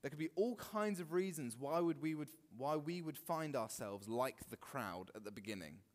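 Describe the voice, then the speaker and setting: A man preaching a sermon in a church, animated and expressive. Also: fairly high pitch, moderate pace, big-room sound. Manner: animated, acts out quoted voices. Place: church hall.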